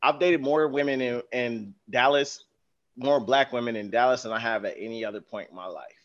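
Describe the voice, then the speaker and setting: A man from California speaking as a guest on a casual podcast, in a middle-pitched voice. He is animated and playful, with a sarcastic streak, and the recording sounds a little dull and muffled. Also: fairly quick.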